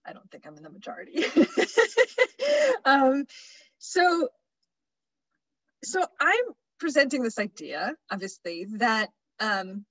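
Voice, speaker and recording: A woman's voice: on the high side, a bit bright, low-quality recording. A woman presenting a wellness workshop over a webinar, chatty and loose, with many fillers and restarts.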